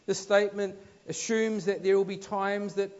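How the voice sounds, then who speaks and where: This sermon comes from a New Zealand man with a New Zealand accent, who speaks conversationally and anecdotally, moving from emphatic swells to soft asides. His high voice holds a steady tone at a moderate pace, and the highs are cut off.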